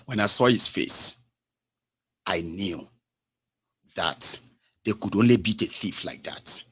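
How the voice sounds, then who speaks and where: Animated Nigerian man hosting radio. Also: lowish voice, slow pace, husky. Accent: Nigerian, Yoruba-speaking. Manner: animated, switching between English, Pidgin and Yoruba, acting out quoted listeners. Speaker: radio host. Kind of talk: casual solo broadcast talk.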